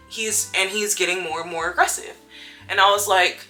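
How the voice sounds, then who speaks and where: A young woman recounting a confrontation at work in a vlog, telling it with animated storytelling and acting out the quotes. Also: mid-range voice, moderate pace. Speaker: vlogger. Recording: soft music underneath.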